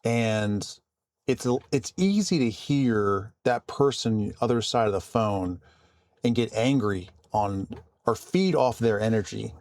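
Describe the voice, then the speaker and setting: A man vlogging casually about his work, calm and conversational with frequent restarts. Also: lowish voice, takes it slowly, dry recording, clean studio sound. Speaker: vlogger and IT support worker. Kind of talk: casual storytelling to camera.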